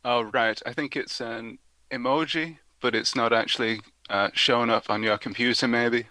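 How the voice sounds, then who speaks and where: A man's voice: medium pitch, steady tone, normal speed, sharp tone, dry recording, low-quality recording. A man co-hosting a prank-call show, polite and apologetic on the phone. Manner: mock-polite, apologetic caller. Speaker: prank caller, show co-host.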